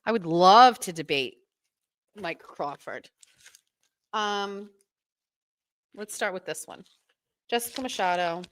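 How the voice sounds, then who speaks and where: A woman hosting a podcast, chatting casually in a gossipy, animated way. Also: medium pitch, slow pace, pauses often. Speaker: podcast host. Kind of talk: casual chat.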